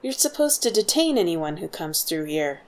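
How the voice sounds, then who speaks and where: A woman voicing a gruff middle-aged male guard who talks in a blunt, slangy way. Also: lowish voice, big pitch swings, normal speed.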